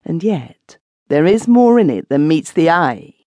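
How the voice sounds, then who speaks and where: A woman voicing a thoughtful man who tells a grim tale in a measured, sober way. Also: sits low, very animated, mellow, dry recording, highs cut off, pitched above the performer's own voice. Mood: musing.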